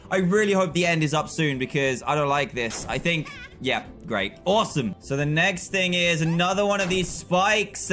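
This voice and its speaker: A man streaming live gameplay with excitable, frustrated commentary, often yelling at the game. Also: high-pitched.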